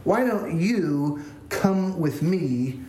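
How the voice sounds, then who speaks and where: A man's voice: fairly high pitch, animated, very slow, mellow, slight background noise. A man voicing a blunt, friendly young Spanish man who coaxes a shy newcomer, heard in an echoey room. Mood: coaxing. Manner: direct, coaxing.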